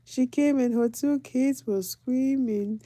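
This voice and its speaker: Warm-voiced mom telling stories. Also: female voice, high voice, slow pace, no room sound. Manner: animated, laughing, dramatic retelling. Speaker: mother of four, vlogger. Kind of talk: casual storytelling vlog.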